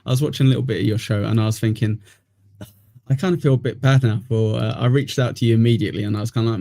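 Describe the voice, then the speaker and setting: A man's voice: mid-range voice, fairly even intonation, fast talker, warm tone, dry recording, studio quality. A man hosting a casual podcast, rambling with lots of "uh" fillers and sweary banter. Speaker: podcast host.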